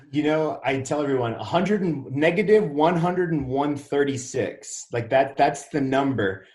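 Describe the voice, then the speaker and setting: A man's voice: mid-range voice, expressive, measured pace, a little mellow. A man telling his story as a podcast guest, acting out the dialogue he quotes. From Wisconsin. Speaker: podcast guest, real estate investor. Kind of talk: casual interview storytelling. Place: Dallas, Texas. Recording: roomy echo.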